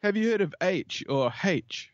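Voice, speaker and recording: A man's voice: high-pitched, expressive, a little slow, no echo, muffled recording. A man from New Zealand with a New Zealand accent, a podcast guest chatting playfully and riffing on jokes. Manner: playful, jokey, riffs and repeats himself. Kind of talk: casual podcast chat.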